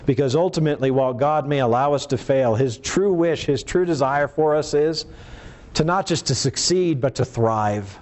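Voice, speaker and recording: Delivering a sermon, a man preaches earnestly and with emphasis, swinging his voice up and down in pitch to drive his points home.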